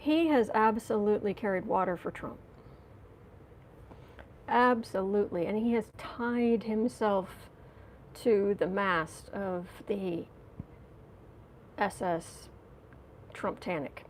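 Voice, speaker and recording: A woman's voice: mid-range voice, takes it slowly, long pauses, a little hiss or hum. A woman giving a casual tarot reading, chatty and giggly, talking to viewers and to herself. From United States. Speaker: tarot reader.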